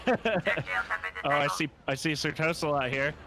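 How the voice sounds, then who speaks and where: A man co-hosting a charity game stream, excitable and exclamatory, reacting loudly to the action and laughing often. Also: a little high, measured pace, background noise. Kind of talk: live gameplay commentary. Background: loud game music.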